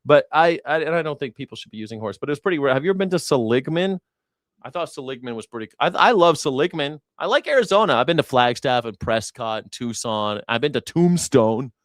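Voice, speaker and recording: A man's voice: mid-range voice, expressive, fast, no room sound. Guy riffing and swearing on his show, super dry sound, no room at all. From United States. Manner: profane, rambling, laughs often. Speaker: host. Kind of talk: casual rambling commentary.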